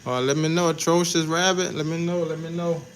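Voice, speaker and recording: Laid-back New Orleans tattoo artist. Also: male voice, fairly high pitch, steady tone, brisk, a little hiss or hum, poor audio. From New Orleans, Louisiana. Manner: laid-back, slangy, greets chat viewers. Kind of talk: casual livestream chat while tattooing.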